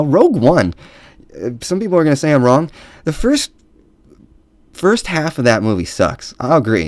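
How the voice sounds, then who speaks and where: A man's voice: medium pitch, a little mellow, no echo. A man ranting angrily about a film, swearing often and mocking in a sarcastic tone. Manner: profane, heated, sarcastic. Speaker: movie ranter. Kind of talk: angry profane rant.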